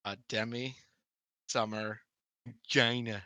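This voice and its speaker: A man co-hosting a podcast, answering quiz questions in casual chat, blunt and quick to swear and laugh. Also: medium pitch, fairly even intonation, sharp tone, no room sound. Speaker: podcast co-host.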